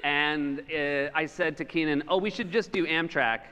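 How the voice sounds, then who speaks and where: Speaking at a moderate pace, this man has a fairly high, clear and resonant voice, trailed by long reverb. He's a comedian chatting casually on a conference stage in a large hall, animatedly telling stories and laughing through them.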